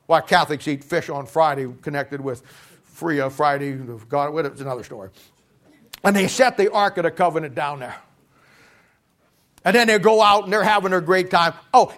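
Male preacher, high voice, animated sermon delivery with shouts and asides, conversational storytelling. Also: moderate pace. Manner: animated, swings from shouting to quiet asides, laughs at his own jokes.

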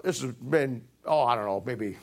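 A man's voice: medium pitch, normal speed, gravelly. A man in his seventies preaching a sermon as pastor, telling folksy stories with emphasis and acting out quoted voices. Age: 70s. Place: church sanctuary.

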